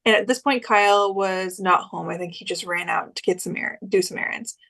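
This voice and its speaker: A woman's voice: mid-range voice, steady tone, brisk, bright, forceful tone. A young woman co-hosting a podcast, telling a story in a chatty way and acting out the quoted lines. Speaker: podcast co-host. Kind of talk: casual chat.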